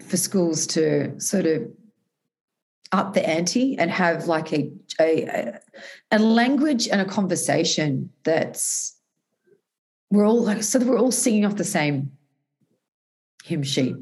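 A woman's voice: fairly low pitch, expressive, slow pace, long pauses, darkish tone. A woman guest in a conversational interview, telling a personal story earnestly, with frequent restarts and self-corrections.

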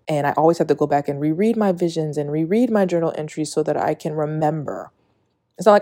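Female podcast host, low pitch, warm mellow tone; reads a passage, then talks off the cuff in an earnest, confessional way. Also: fast talker. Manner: earnest and confessional, many "like" fillers. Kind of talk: solo spiritual podcast monologue.

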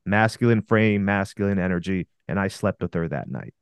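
Lower-voiced man, blunt and commanding. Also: normal speed, clear, resonant tone, no echo, clean studio sound. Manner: blunt, commanding, addresses listeners as fellas. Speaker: dating coach podcast co-host. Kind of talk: confident advice talk.

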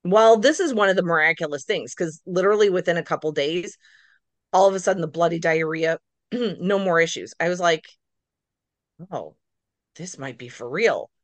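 Animated storytelling woman, dry close sound. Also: lowish voice, brisk, no room sound. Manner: animated, acts out her own reactions in quotes. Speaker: guest, nurse practitioner. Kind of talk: casual storytelling interview.

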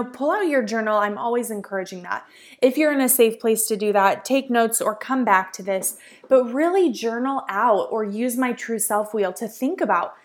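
A young woman, a life coach, hosting a solo podcast in an earnest, encouraging way with plenty of "like" and "um" fillers. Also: fairly high pitch.

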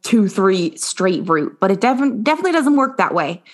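A woman hosts a podcast and talks with her guest at a middle pitch. She speaks in an easy, conversational way. She often checks in with a quick "right?". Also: sing-song. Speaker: podcast host, fitness coach. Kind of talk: casual interview conversation.

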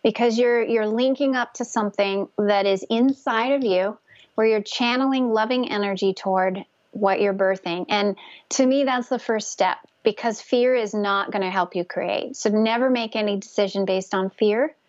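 A woman guest speaking gently and earnestly about spiritual connection, with frequent restarts. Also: mid-range voice, normal speed, no echo, dull audio. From Northern California. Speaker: guest, conception coach. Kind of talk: casual interview talk.

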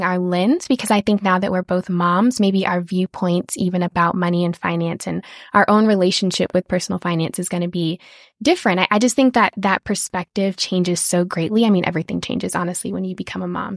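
A woman's voice: lowish voice, dry recording, studio quality. A woman in her thirties hosting a podcast in casual chat, upbeat and gushing, laughing often. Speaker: podcast host.

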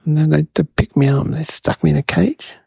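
A man's voice: a little high, steady tone, brisk, vocal fry, darkish tone, husky, no room sound, heavily acted. A man voicing a mischievous, chatty young boy who rambles to the viewers in a comedic monologue. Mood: rambling. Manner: rambling, addresses viewers as guys.

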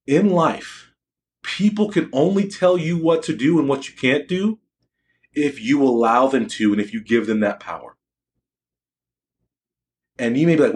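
A man's voice: medium pitch, unhurried, long pauses. A young adult man giving a motivational talk to students, boastful and emphatic, often asking the audience questions. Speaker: motivational speaker addressing students.

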